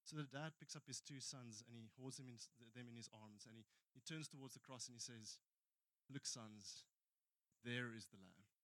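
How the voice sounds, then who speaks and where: Male pastor, South African accent, earnest storytelling sermon, mid pitch, dry close sound. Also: brisk, hardly any pauses, a bit bright, no echo. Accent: South African English. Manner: storytelling preacher, earnest, with frequent restarts. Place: church.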